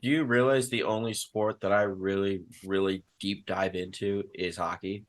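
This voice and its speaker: A man's voice: low-pitched, fairly even intonation, normal speed. A man co-hosting a casual podcast, bantering and teasing his friends about sports. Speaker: podcast co-host. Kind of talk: casual chat.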